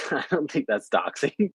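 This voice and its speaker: A man's voice: a little high, breathy edge, no echo, rough recording. A young adult American man chatting casually with viewers, rambling and repeating filler phrases. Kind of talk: casual chat.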